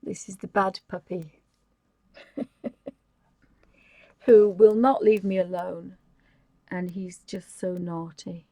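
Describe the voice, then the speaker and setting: A woman's voice: lowish voice, flat delivery, takes it slowly, long pauses, dark tone, no echo, rough recording. A woman, chatting casually and giggling as she hosts a live stream. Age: 50s. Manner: chatty and giggly, rambling with restarts. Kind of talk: casual chat, showing things to camera.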